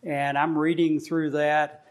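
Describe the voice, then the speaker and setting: A man's voice: on the high side, level tone, slow pace. A middle-aged man leading a casual group Bible study, teaching in a plain, conversational way with frequent fillers and restarts.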